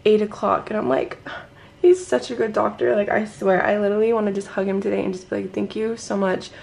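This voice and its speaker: A young woman vlogging to her handheld camera at home, gushing and excited, teary and sleepy from just waking up. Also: mid-range voice, brisk, creaky. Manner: gushing, excited, says "like" a lot. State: teary and emotional. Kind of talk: casual vlog to camera.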